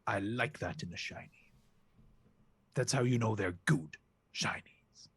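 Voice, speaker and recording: A man voicing a pompous, greedy male goose king who dotes on shiny things, in a husky voice. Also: fairly low pitch, measured pace, fairly bright tone, no echo. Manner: regal, doting over shiny things.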